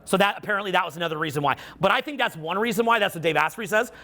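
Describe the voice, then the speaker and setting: Middle-aged male coach addressing a live audience, high bright voice, swears a lot and acts out the quotes. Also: racing. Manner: animated, profane storytelling with acted-out quotes. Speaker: social skills coach. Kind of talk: live seminar talk.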